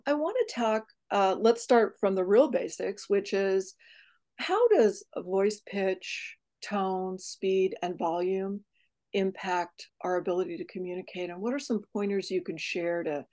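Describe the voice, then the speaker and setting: A woman's voice: medium pitch, warm tone. A woman hosting a podcast, asking conversational questions and affirming her guest. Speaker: podcast host. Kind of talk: podcast interview.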